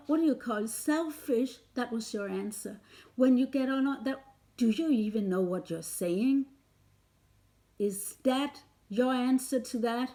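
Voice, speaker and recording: Woman vlogger with a slightly high voice; heated, confrontational rant, swears freely. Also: a little slow, warm tone. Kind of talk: angry direct-to-camera rant.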